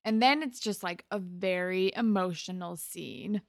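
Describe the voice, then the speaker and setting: A woman's voice: lowish voice, a little slow, vocal fry, no echo. Chatty young woman, dry close sound. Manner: chatty, loose storytelling with many fillers and quoted lines. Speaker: podcast co-host. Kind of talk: casual chat recapping a TV episode.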